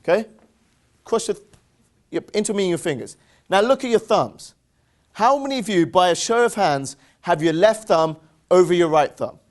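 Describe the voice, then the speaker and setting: Male seminar presenter, English accent, high voice; upbeat, playful, works the crowd with call-and-response. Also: lively intonation, moderate pace, pauses often. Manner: playful, teasing jokes. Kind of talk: interactive motivational seminar talk.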